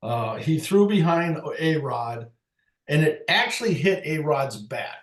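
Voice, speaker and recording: Guy chatting about old ballgames, bit high voice, kinda echoey room, lots of stops n restarts. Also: big pitch swings. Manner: halting, restarts often, low-key. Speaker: retired umpire guest. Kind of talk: casual storytelling chat.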